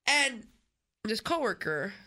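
A woman hosting a radio show in a studio, telling stories in an animated, chatty way with many restarts. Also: a little high, takes it slowly. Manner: animated storytelling, frequent restarts. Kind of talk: casual on-air chat.

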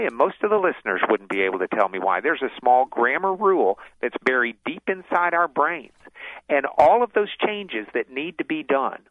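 Male guest author on a phone-in, gravelly, phone-line sound, talks at length with restarts. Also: mid-range voice, dry recording. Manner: explanatory, many restarts. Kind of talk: radio interview.

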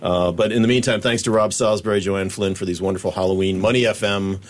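A man's voice: sits low, steady tone, fast talker. A man hosting a radio show, thanking guests and moving the program along in a casual way. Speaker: radio host.

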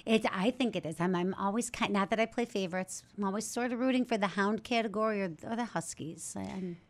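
A woman's voice: mid-range voice, brisk. Chatty woman from an animal shelter. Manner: chatty, self-correcting, enthusiastic. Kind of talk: casual studio interview.

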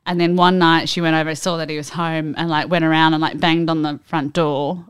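A woman's voice: low voice, flat delivery, fairly quick, clear, resonant tone, no echo, clean studio sound. A woman in her thirties co-hosting a casual podcast chat and telling stories with lots of "like" fillers. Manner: chatty storyteller, frequent "like" fillers. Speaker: podcast co-host.

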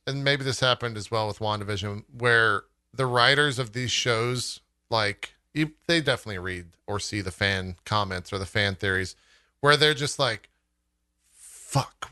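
A man's voice: medium pitch, moderate pace, sharp tone, smooth, dry recording, studio quality. A man co-hosting a podcast, chatting casually in a rambling way with frequent laughter. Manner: rambling, many fillers and restarts, laughs often. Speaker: podcast co-host. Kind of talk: casual chat.

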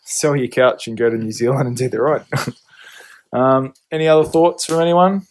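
A man's voice: mid-range voice, steady tone, normal speed. A man hosting a podcast, tired at the end of a long day and recapping a bike trip from a backcountry hut in a rambling, jokey way. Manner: rambling, jokey, laughs often. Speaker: podcast host. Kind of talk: casual trip recap chat.

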